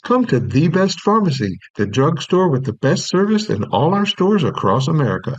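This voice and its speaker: A man's voice: on the high side, sing-song, normal speed, no room sound, voice pushed up. A man voicing an upbeat male pharmacy commercial announcer, punching key words with emphasis. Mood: upbeat salesy. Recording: dry, dull lo-fi recording.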